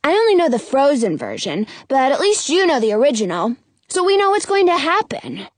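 A woman voicing a calm, sensible young boy in a children's story, speaking in a matter-of-fact, gently questioning way. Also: sits high, fairly quick, dry recording, pitched above the performer's own voice.

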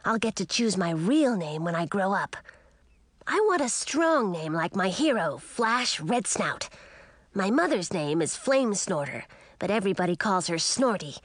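A woman's voice: medium pitch, very animated, a little slow, no room sound. A woman voicing a young, friendly, talkative male dragon in a storybook reading. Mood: earnest.

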